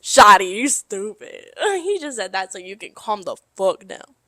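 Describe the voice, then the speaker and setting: A young woman co-hosting a casual podcast, telling a story in an animated way with lots of swearing and laughter. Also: medium pitch, moderate pace, no room sound. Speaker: podcast co-host. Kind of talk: casual chat.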